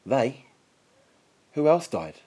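Male reader doing a young woman survivor in a storybook: raised pitch, blunt and teasing. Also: very animated, very slow, mellow, breathy edge, exaggerated voice. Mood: curious, teasing.

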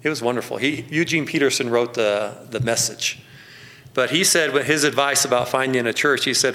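A male pastor delivering a sermon through down-to-earth local stories. His voice sits at an ordinary middle pitch, and he often chuckles and drags out key words for emphasis. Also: pushed and bright. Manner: folksy storytelling, slows down for emphasis, chuckles often.

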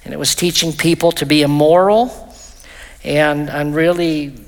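A man's voice: on the high side, fairly even intonation. Man teaching scripture in a reverberant hall. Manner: explanatory, reads scripture aloud slowly, frequent fillers and restarts. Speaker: pastor teaching a Bible study. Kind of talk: Bible study teaching. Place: church.

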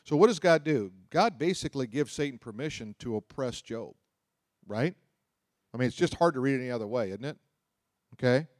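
Here a man delivers Bible teaching in a brisk, animated voice of medium pitch and darkish tone, the sound dry and studio-clean. Speaking conversationally, he reads passages aloud, unpacks them, and frequently asks the audience questions.

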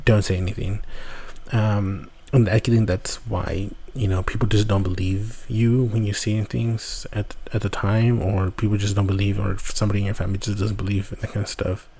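Male podcast host, low, dark husky voice, rambling casual storyteller who swears. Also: level tone, moderate pace. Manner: rambling, swears often, restarts a lot.

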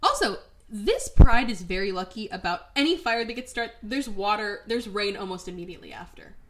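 A woman's voice: medium pitch, expressive, brisk. A woman casually recapping a film, swearing freely and acting out characters' lines in silly voices. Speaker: podcast co-host.

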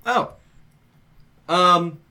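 A man at a tabletop game casually says what his character does next. His voice is bright and forceful. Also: high-pitched, drawn-out words. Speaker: player.

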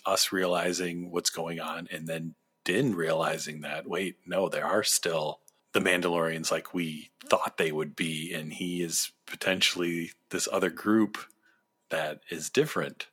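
Deep-voiced man gushing as podcast co-host. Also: measured pace, breathy edge. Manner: enthusiastic, rambling, excitable. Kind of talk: casual fan discussion.

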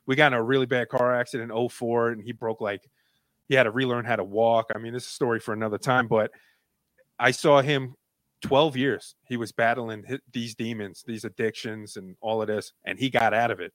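A man as a conversation guest, telling a personal story in an earnest, heartfelt way that softens when he turns reflective. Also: medium pitch, steady tone, brisk, dry recording, studio quality.

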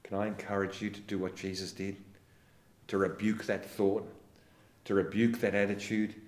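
A man's voice: on the low side, little pitch movement, moderate pace, roomy sound. A man preaching an earnest sermon as a pastor. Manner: earnest, ends in a quiet prayer.

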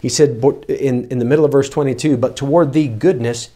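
Man, preacher, sermon, emphatic, repeats words, mellow tone. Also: medium pitch, steady tone. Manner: emphatic, repeats words, reads verses slowly. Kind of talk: expository sermon.

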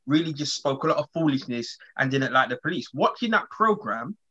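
A man in casual podcast chat, animated and quick to interrupt. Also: mid-range voice, slightly rough. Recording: dull lo-fi audio.

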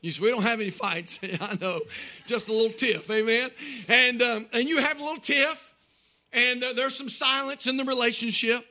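A man preaching in a strikingly high, sharp and piercing voice. He rides a rhythmic, sing-song cadence that swells into shouts, then drops into chuckling, folksy asides to his congregation. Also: moderate pace. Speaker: pastor. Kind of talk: sermon.

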